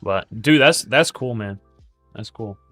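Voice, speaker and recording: A man's voice: medium pitch, a little slow, sharp tone, no room sound, faint music behind. A man hosting a day trading livestream, chatting casually and jokingly, with many stammered restarts.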